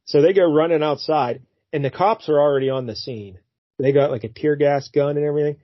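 A man casually retells a comic book story with lively, animated energy, sometimes slipping into silly voices. His voice sits a touch high and has a husky edge. The recording is dry and dull, with a lo-fi sound. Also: a little fast, no echo. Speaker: podcast co-host. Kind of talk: casual chat recapping a comic.

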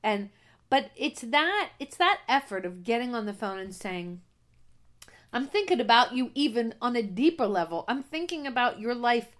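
Higher-voiced woman co-hosting a casual chat. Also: sing-song, moderate pace, a bit bright. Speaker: podcast co-host. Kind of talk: casual conversation.

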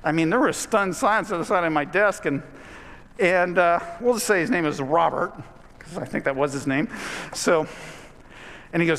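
High-voiced man preaching a sermon. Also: brisk, fairly bright tone. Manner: storytelling, conversational with rising emphasis. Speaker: pastor. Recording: long hall reverb.

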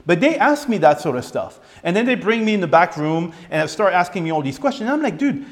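A man's voice: high voice, brisk, in a large hall. A young man from France hosting a podcast, telling a personal story with repeated words and acted-out quotes. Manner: animated, repeats words, acts out quoted lines. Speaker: podcast host.

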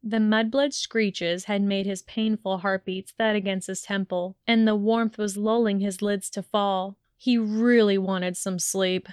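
A woman reading a fan fiction audiobook in a measured storytelling voice. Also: medium pitch, fairly even intonation, a little mellow, clear, resonant tone, no room sound, clean studio sound. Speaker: audiobook reader.

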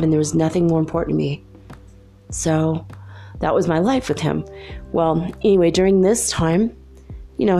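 Gravelly-voiced woman telling stories. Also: fairly low pitch. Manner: chatty, laughs often, animated retelling. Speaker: storyteller. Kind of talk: casual anecdote.

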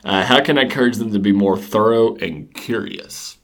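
Laid-back guy from georgia on a gaming podcast, lowish voice, chuckles a lot. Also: normal speed. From Georgia, USA. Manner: relaxed, laughs easily, explains plainly. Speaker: podcast co-host. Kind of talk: casual chat.

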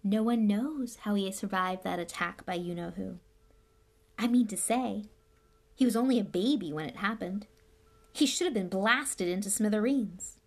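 A woman's voice: mid-range voice, normal speed, close to an everyday voice. Storybook schoolboy, pompous and nervous, read by a woman. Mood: stubborn. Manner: whispering, then stubborn and quavering.

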